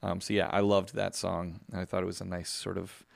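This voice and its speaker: Male co-host, lowish voice, chatty and enthusiastic, dry close mic. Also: little pitch movement, brisk, gravelly, dry recording. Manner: enthusiastic, chatty song recommender. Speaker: podcast co-host. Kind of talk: casual chat.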